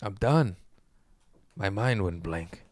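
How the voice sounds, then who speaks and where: A man hosting a casual podcast as a comedian, telling rambling, profane stories with excitable bursts. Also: low-pitched, slow, no room sound.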